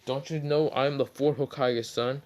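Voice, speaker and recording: A man's voice: mid-range voice, steady tone, normal speed, darkish tone, voice pushed up, natural voice. A man voicing an arrogant, spoiled young male ninja who boasts indignantly.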